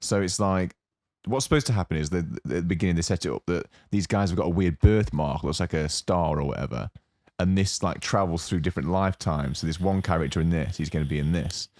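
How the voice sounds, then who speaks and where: Deep-voiced man rambling through a story. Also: a little fast, few pauses, no echo, clean studio sound. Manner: rambling, animated storytelling with many fillers. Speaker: podcast co-host. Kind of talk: casual chat.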